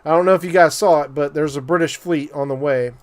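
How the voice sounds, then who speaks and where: A gaming streamer with a voice on the high side talks quickly while live-streaming a strategy game. His commentary is loose and joking, full of fillers and asides to viewers.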